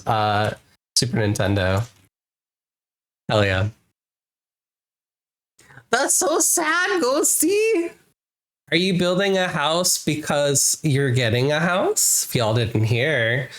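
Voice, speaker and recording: An adult game streamer chatting casually with viewers during a live stream, playful and excitable, laughing often. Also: mid-range voice. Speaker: wholesome RPG game streamer.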